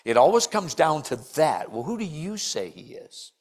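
An older man preaching a sermon in church, telling stories and acting out the people he quotes with big jumps in his voice. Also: moderate pace. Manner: animated storytelling, acts out quotes with big pitch jumps.

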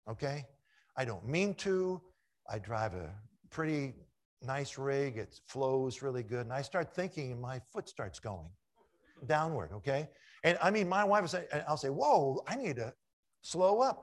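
A middle-aged male preacher delivers a sermon full of anecdotes. He swings from booming, excited retellings down to soft, confiding asides, in a voice of ordinary middle pitch. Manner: lively storyteller, shifts from loud acted quotes to hushed asides. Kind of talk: sermon with stories.

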